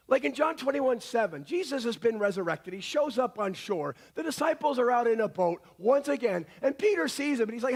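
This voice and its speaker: A middle-aged male pastor preaching a sermon, telling stories in an animated way and acting out the voices of the people in them. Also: extremely high pitch, brisk, few pauses.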